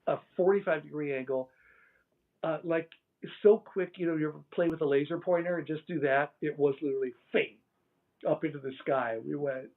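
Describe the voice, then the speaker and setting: Older guy, kinda high voice, animated storyteller doing little sound effects, tinny phone-line audio. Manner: animated, laughs and imitates sounds. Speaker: interview guest. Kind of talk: casual storytelling.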